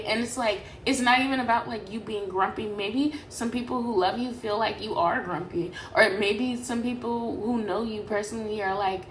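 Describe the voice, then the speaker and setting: A woman's voice: mid-range voice, normal speed, few pauses, a little hiss or hum. A young woman from Sacramento giving a casual tarot reading to camera, rambling and swearing freely. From Sacramento, California. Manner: profane, animated, rambling. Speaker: tarot reader. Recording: echoey room with faint ambience.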